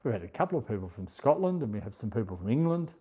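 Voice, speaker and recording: This livestream host is an Australian man whose voice sits on the low side, dark and husky yet very animated. He takes his time, speaking slowly as he reads viewer comments aloud and thanks everyone by name, all over dull lo-fi stream audio.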